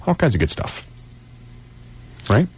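A man's voice: mid-range voice, sing-song, unhurried, husky. A man hosting a radio show from a studio, chatting casually and animatedly with his co-host and laughing easily. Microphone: studio microphone.

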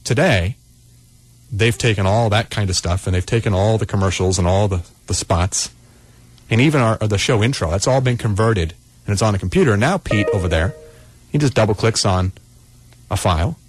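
A man's voice: on the low side, moderate pace, faint music behind. A man hosting a call-in computer help radio show, talking casually and rambling with frequent restarts. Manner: rambling, restarts often, folksy. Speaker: radio tech show host.

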